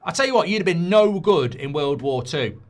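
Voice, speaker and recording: A man's voice: on the high side, lively intonation, moderate pace. A middle-aged man hosting a live football watchalong, ranting and swearing, mocking people in whiny voices and reading chat messages aloud.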